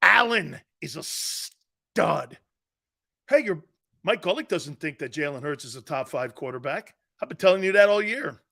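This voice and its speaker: A man's voice: a little high, animated, moderate pace, gravelly, sharp tone. A middle-aged man hosting a sports talk radio show, brash and mocking, talking back to his listeners. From United States.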